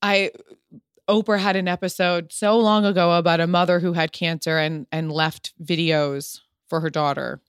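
A woman hosting a podcast in casual chat, animated and laughing often. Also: on the low side, smooth, dry recording, studio quality. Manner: animated, laughs often, acts out quotes in a raised voice. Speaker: podcast host.

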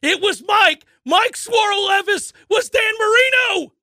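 Sports talk co-host, male, high bright voice, animated storyteller acting out voices, dry studio sound. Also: a little slow, dry recording. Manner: animated storyteller, acts out voices, laughs often.

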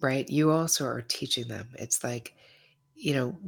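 A woman's voice: a bass voice, measured pace, creaky, slightly rough. A woman psychotherapist and author speaking as a podcast guest, assured and affirming in casual conversation. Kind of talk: casual interview chat.

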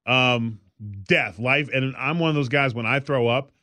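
A man's voice: medium pitch, measured pace, pushed and bright, no room sound. Rambling man telling stories, dry sound. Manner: rambling storyteller, many fillers. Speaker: podcast co-host. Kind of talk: casual chat.

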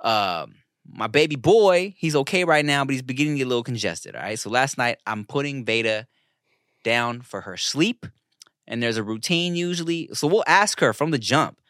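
Animated, bright-voiced man telling stories. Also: mid-range voice, normal speed, dry recording, studio quality. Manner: laid-back storytelling with slang and swearing. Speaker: podcast co-host. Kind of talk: casual podcast chat.

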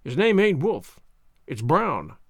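A man reading a storybook voices a rough male Klondike dog musher with slow, drawling, plain-spoken speech. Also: on the high side, big pitch swings, no room sound, clean studio sound, heavily acted.

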